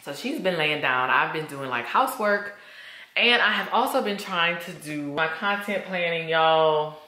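A woman's voice: low voice, expressive, a little slow, bright, forceful tone, reverberant. A woman vlogging casually to camera at home, candid and chatty. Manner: chatty, candid, says y'all a lot. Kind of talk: casual vlog chat to camera.

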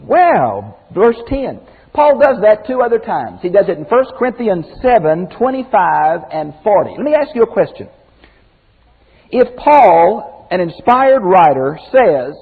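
Older male Bible teacher, husky and folksy, tinny phone-like sound in a reverberant hall. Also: sits high, a little slow. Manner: folksy, animated, shifts from loud exclamations to quiet emphasis. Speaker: pastor teacher.

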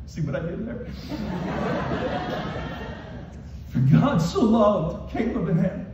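A man's voice: sits high, expressive, drawn-out words, background noise. A man preaching a passionate sermon as pastor, calling out to the congregation as he goes. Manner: impassioned preaching with call-and-response. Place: church hall with congregation. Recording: echoey, distant, muffled hall recording.

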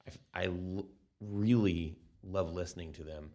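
A man co-hosting a podcast, talking slowly and thoughtfully with some dry joking. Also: sits low, fairly even intonation, mellow. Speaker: podcast co-host. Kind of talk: casual podcast conversation.

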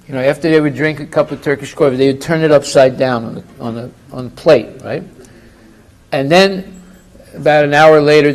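A man's voice: a little high, low-quality recording. A middle-aged man giving a religious class, telling humorous anecdotes and acting out dialogue before rising to emphatic points. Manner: storytelling, acts out dialogue, rising to emphatic outbursts.

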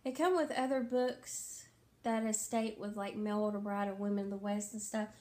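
A tired book vlogger chats casually to camera about her reading, rambling, correcting herself and leaning heavily on fillers. Her voice is medium-pitched and darkish, with a steady tone and a moderate pace.

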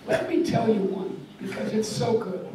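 A woman's voice: a little high, animated, moderate pace, very noisy. An older woman giving a public lecture, wry and emphatic, telling stories and jokes. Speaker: guest lecturer. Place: lecture hall. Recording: echoey lecture hall from far off.

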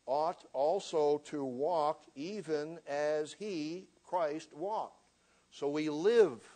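A man's voice: mid-range voice, a little mellow. A man preaching a sermon, earnestly reading scripture aloud with emphasis. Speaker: minister.

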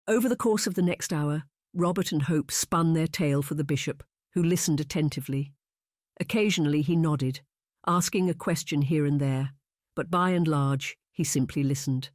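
An audiobook narrator reading a period romance in an even, measured way at a middle pitch. The sound is dry and close on a studio mic, with no room around it. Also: no echo. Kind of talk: scripted narration.

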